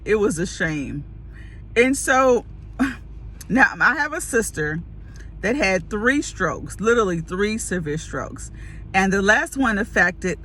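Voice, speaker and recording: A woman telling a casual story to camera, lively and laughing, acting out the people in it. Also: medium pitch, a little hiss or hum. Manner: animated, acts out quoted voices, laughs often.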